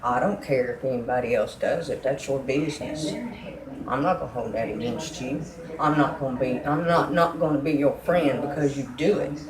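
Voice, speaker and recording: A woman's voice: rumbling low, moderate pace, echoey room, crowd noise, low-quality recording. A woman giving a fervent, emotional religious testimony.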